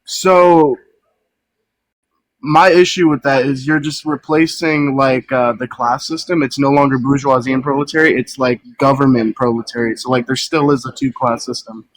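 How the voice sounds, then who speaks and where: A man's voice: medium pitch, fairly even intonation, moderate pace, rough recording. A man calling in to a stream to make a political point, hesitant and full of ums. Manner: hesitant, lots of ums, gets cut off. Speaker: caller. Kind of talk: call-in debate.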